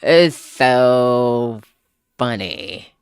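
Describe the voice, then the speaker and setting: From a home room with an open window, an author chats very slowly and expressively with livestream viewers through a small desktop microphone. The medium-pitched voice has a clean tone, and the conversation is casual, profane, and often punctuated by laughter, recorded dry at studio quality.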